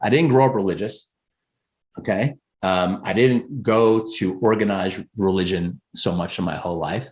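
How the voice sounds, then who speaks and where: Man, from the US, life coach, casual spiritual talk, earnest, pitch jumps up on key words. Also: normal speed, darkish tone. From United States. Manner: earnest, conversational, emphatic rises in pitch. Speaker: career coach. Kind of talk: motivational spiritual talk on a group call.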